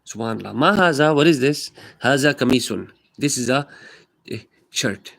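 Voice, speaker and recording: A man's voice: mid-range voice, lively intonation, moderate pace, vocal fry. A man hosting a live stream and casually teaching basic Arabic phrases, repeating himself often and making chatty, self-deprecating asides.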